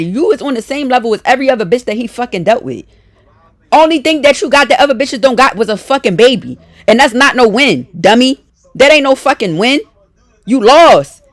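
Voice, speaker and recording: A woman's voice: on the high side, dry recording. A woman telling a storytime vlog as a heated, profane rant, often breaking off and restarting her sentences. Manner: trails off and restarts mid-sentence.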